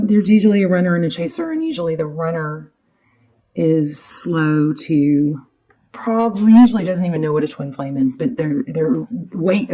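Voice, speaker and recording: A woman's voice: on the low side, warm tone, low-quality recording. A woman giving a casual, rambling tarot reading to camera, chatty and easily sidetracked, with many fillers. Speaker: tarot reader. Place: home room with her dog.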